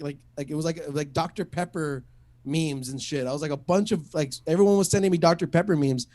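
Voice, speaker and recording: A man with a fairly high voice works through a stand-up set. He rambles, swears freely and stumbles over restarts and a steady stream of fillers. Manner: rambling, profane, lots of "like" and restarts. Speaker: stand-up comic. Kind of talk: stand-up set at an online open mic.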